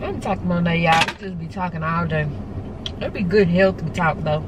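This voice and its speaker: A middle-aged woman vlogging in a chatty, animated way and talking straight to her viewers. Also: fairly low pitch, moderate pace, background noise. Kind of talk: casual chatty vlog.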